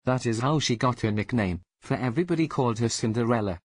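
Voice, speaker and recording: A man reading a fairy tale aloud as storyteller, slow and deliberate. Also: mid-range voice, expressive, husky, no room sound.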